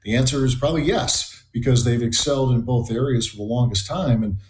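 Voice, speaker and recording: Man analyzing football in a roomy space. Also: mid-range voice. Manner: measured, analytical. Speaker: sports analyst. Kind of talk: sports talk show discussion.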